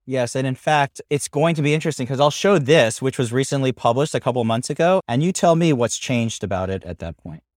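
A man co-hosting a podcast, talking in a relaxed way with some fillers. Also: medium pitch, brisk, hardly any pauses, dry recording, clean studio sound. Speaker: podcast co-host. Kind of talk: casual chat.

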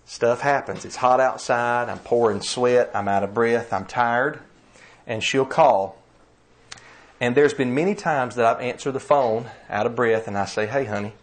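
A man preaching a sermon, earnest and emphatic, slowing down to read scripture. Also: mid-range voice.

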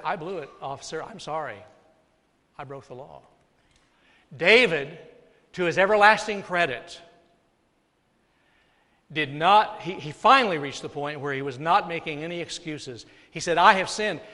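Male pastor, slightly high voice, preaching with soft dips and loud peaks in a reverberant sanctuary. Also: normal speed, long pauses. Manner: dynamic preaching, drops soft then rises loud. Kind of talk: sermon. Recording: long hall reverb.

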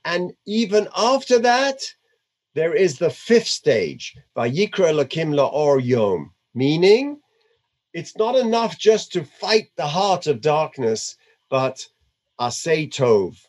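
A man giving a conversational Torah lecture, weaving Hebrew terms into his English with an animated delivery. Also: fairly high pitch, slow pace. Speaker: religious teacher.

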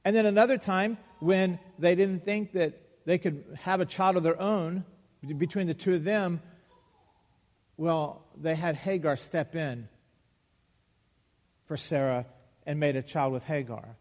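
A man preaching a sermon, acting out Bible dialogue with emphatic pauses. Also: a little high, darkish tone. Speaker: pastor. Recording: long hall reverb.

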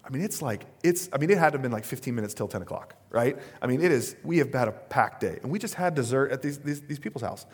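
A man in his thirties, a pastor preaching a sermon, telling stories in a relaxed conversational way with plenty of fillers and asides. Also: medium pitch, quick pace, hardly any pauses, husky.

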